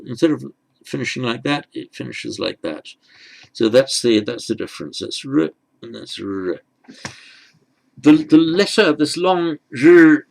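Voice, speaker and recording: A man teaching script letters, talking haltingly as he writes and repeating words as he goes. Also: mid-range voice, vocal fry. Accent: British. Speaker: language teacher. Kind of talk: handwriting lesson.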